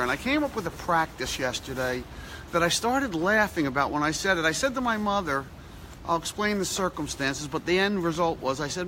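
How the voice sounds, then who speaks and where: A middle-aged man hosting a motivational vlog, chatty and animated, repeating phrases for emphasis, filmed outdoors on a snowy street with a phone at arm's length. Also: fairly high pitch, slight background noise. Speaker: vlog host. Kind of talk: upbeat motivational vlog talk.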